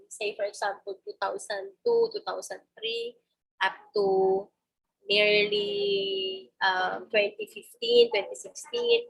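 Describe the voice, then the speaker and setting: Husky Filipino-accented woman lecturing. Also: mid-range voice, fairly bright tone, low-quality recording. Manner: explanatory, frequent tag "no?", restarts and mixes in Tagalog. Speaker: university lecturer. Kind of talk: online webinar lecture.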